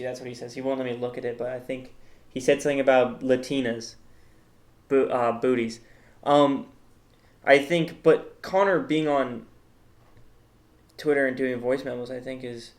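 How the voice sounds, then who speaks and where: A man hosting a comedic tier-list commentary, rambling in a mock-serious way with lots of fillers. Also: mid-range voice. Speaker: host.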